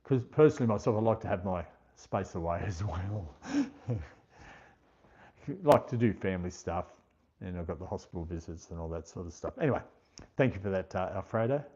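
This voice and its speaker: A man's voice: deep voice, expressive, a little fast, dark tone, breathy edge, highs cut off. An Australian man hosting a livestream in casual chat, reading viewer comments aloud, thanking people by name and laughing often. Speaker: livestream host.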